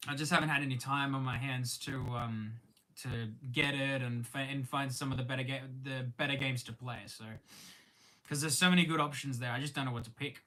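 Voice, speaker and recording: Chatty young Australian man, bright voice. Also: medium pitch, steady tone. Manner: rambling and halting, many ums and restarts, talks while eating; friendly, greets viewers by name. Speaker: live streamer. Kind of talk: casual live-stream chat.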